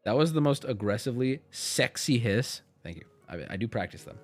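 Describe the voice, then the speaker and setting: A man streaming himself opening card packs, chatting casually and joking, and yelling out loud whenever a rare card turns up. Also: mid-range voice, sing-song, normal speed, hardly any pauses, soft background music. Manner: joking, shouts at rare cards. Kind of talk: casual live-stream chat.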